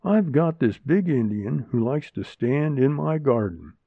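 A man's voice: mid-range voice, animated, unhurried, no echo, pitched above the performer's own voice. A man voicing Joe, a blunt, irritable man, in a storybook reading. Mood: irritated. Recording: narrow phone-like sound, dry.

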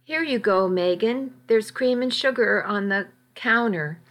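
A woman voicing a gentle, soft-spoken male rancher with a Texan drawl, in a read-aloud story. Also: medium pitch, unhurried, natural voice. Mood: soft courteous.

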